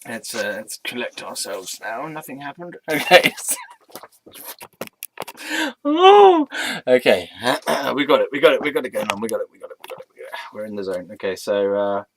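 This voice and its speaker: A man's voice: mid-range voice, huge pitch swings, moderate pace, slight background noise. Giggly man mocking what he reads. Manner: giggly, keeps breaking into laughter; mock-dramatic outbursts. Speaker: commentator reading a web page aloud. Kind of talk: mocking reaction reading.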